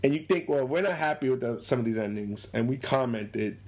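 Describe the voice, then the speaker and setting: A man's voice: mid-range voice, lively intonation, brisk, darkish tone. A man chatting casually about movies, laughing often and acting out characters in a raised voice. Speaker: movie discussion co-host. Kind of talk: casual chat.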